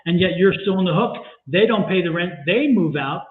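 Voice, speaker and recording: A man co-hosting a livestream tarot reading, deliberate and emphatic with a wry edge. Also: high-pitched, animated. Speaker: tarot reader and co-host. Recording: tinny phone-like sound in an echoey room.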